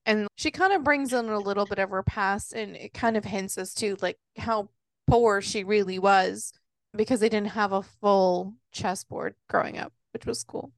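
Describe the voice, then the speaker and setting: A woman's voice: mid-range voice, moderate pace, no room sound. Chatty young woman, dry close sound. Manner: chatty, explains and chimes in. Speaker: podcast co-host. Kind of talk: casual book club chat.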